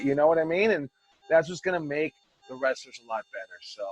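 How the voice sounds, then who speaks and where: A man's voice: a little high, animated, brisk, lo-fi sound, soft background music. A man with an American accent, a wrestling coach talking bluntly and with heavy swearing to his students. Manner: blunt, profane, emphatic. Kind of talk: casual talk to students.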